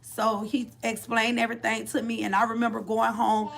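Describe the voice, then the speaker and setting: A middle-aged mother gives a heartfelt testimony of faith, circling back and restarting her phrases as she goes. Her voice sits a little high and carries a gravelly, fry-laden texture throughout. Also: little pitch movement, normal speed, a little hiss or hum. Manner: heartfelt, repetitive, restarts phrases, Southern Black church cadence of faith talk. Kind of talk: emotional personal testimony.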